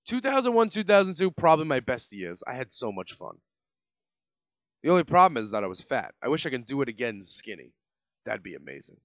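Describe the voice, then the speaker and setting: A man's voice: mid-range voice, no echo. A man with a New York accent in his late twenties rambles through a profane story on his own podcast, his voice swinging up and down with lots of life. The sound is dry and a bit dull and lo-fi, like a basic home podcast mic. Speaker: podcast host. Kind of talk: casual storytelling monologue.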